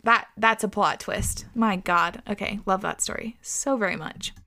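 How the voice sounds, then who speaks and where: An expressive woman podcast host reads listener stories aloud and reacts with laughter and casual swearing. Her voice sits in a middle register. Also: mid-range voice, normal speed. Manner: animated, expressive, swears often, laughs a lot.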